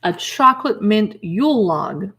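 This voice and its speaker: A woman hosts a relaxed livestream and flips through a cookbook, reading recipe names aloud and adding quick comments between them. Her voice sits at an ordinary middle pitch. She chats easily and stops to greet viewers and answer their messages. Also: husky. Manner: chatty, reads dish names aloud and reacts with short remarks. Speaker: livestream shopping host. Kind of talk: casual livestream chat, reading recipe titles.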